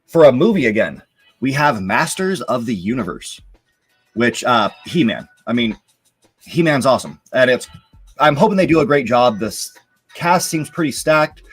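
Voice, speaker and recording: A young man talks loosely on a live show, drifting through thoughts with plenty of fillers. His voice sits at an ordinary middle pitch. Soft music plays faintly underneath. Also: normal speed, husky. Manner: relaxed, rambling, lots of fillers. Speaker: show host. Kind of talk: casual live-stream commentary.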